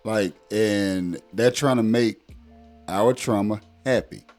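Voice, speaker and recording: A man's voice: lowish voice, slow pace, darkish tone, faint music behind. A man in his thirties speaking as a parent in a casual conversation, blunt and emphatic with many fillers. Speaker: guest parent.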